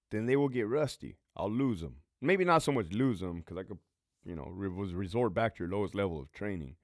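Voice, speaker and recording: A man's voice: on the low side, lively intonation, fairly quick, no room sound, clean studio sound. Fields: Sex: man. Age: 30s. Origin: from Southern California. Role: podcast host and former prison lieutenant. Style: casual Q&A storytelling, blunt and heavily profane.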